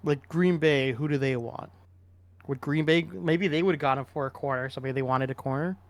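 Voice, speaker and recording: A man's voice: a little high, brisk, no echo. A man co-hosting a casual sports podcast, rambling and opinionated with frequent restarts. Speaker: podcast co-host.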